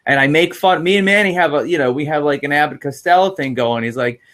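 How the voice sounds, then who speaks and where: Casual livestream host, man, animated and rambling, slightly raised pitch. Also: fast. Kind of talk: casual chat.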